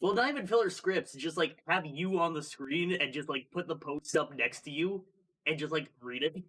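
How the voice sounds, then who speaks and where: A man's voice: fairly high pitch, normal speed, pushed and bright, far from the mic. A man who runs the stream's tech, speaking in a dry, matter-of-fact way. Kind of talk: casual livestream chat.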